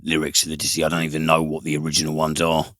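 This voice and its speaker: A man's voice: very deep voice, completely flat delivery, rapid-fire, fairly bright tone, no room sound. A man co-hosting a podcast, telling rambling stories with restarts. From United Kingdom. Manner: rambling storyteller with restarts and laughs. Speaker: podcast co-host. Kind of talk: casual chat.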